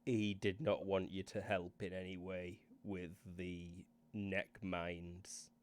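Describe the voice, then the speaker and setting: A man's voice: deep voice, level tone, takes it slowly. A man, running a tabletop game and casually recapping the story. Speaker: game master.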